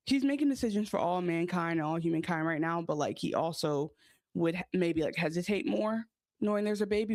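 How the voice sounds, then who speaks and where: A woman co-hosting a podcast, laying out her theories at length in calm therapy language. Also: fairly low pitch, dry recording. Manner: reflective, explains ideas at length in therapy language. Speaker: podcast co-host. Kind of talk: casual recap chat.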